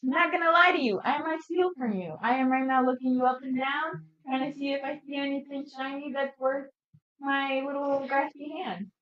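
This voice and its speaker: A woman's voice: sits high, fairly even intonation, normal speed, highs cut off. Hesitant young-sounding woman player, echoey. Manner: hesitant, chatty. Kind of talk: playing a tabletop game in character.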